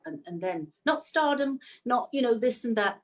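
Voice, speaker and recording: A middle-aged woman from Manchester, England, chatting as a guest in an interview; she laughs often and her pitch leaps up when excited. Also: moderate pace. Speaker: actress, guest. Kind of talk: casual interview chat.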